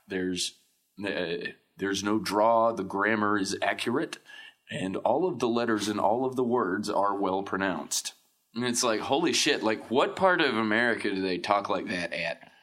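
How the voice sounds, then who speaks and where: Bright, low-voiced man rambling casually. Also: unhurried. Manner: rambling, full of fillers and tangents. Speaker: podcast guest. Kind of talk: casual chat.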